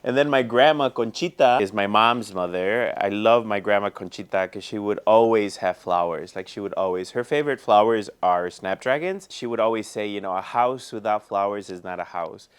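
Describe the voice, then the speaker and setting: A man's voice: fairly low pitch, moderate pace, few pauses, clean tone. A man who owns a flower shop, chatting in an interview in a heartfelt, effusive way, full of "you know" and "like". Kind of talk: casual interview chat.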